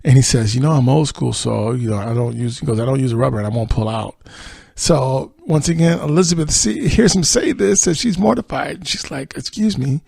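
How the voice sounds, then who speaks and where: A man's voice: medium pitch, fairly quick, gravelly, darkish tone, breathy edge, no echo. A man hosting a podcast, recapping a TV episode in a rambling, casual way with fillers and chuckles. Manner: rambling retelling with fillers and laughs. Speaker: podcast host.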